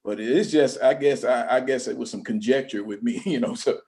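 A man taking part in a Bible study discussion, speaking haltingly with many fillers and light chuckles. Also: mid-range voice, a little mellow.

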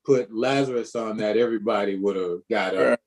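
A man's voice: on the low side, fairly quick, a little mellow, a little hiss or hum. A man who is a pastor, leading a conversational Bible study, asking emphatic questions and repeating words.

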